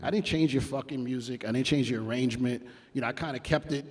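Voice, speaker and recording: A man's voice: mid-range voice, fast talker. A man, a music producer telling blunt, profane stories in an interview. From New York. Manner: blunt and heavily profane, acts out quotes. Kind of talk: casual interview storytelling.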